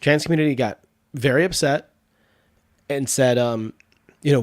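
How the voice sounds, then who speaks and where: A man's voice: medium pitch, normal speed. A man hosting a podcast in casual chat, with congested sinuses, rambling and restarting his sentences with frequent laughs. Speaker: podcast host.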